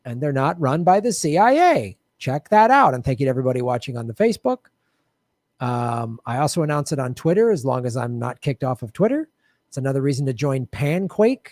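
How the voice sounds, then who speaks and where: A man's voice: medium pitch, a little mellow, no room sound, clean studio sound. Chatty man hosting a livestream. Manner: loose, chatty, laughs often, thanks viewers by name. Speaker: livestream show host. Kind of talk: casual livestream sign-off chat.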